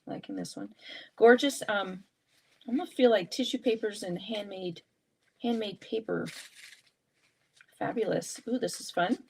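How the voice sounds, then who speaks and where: A woman's voice: medium pitch, a little slow, vocal fry, pauses often, slightly rough. A woman hosting a live art journaling session, chatting and thinking aloud as she works through a casual craft demonstration.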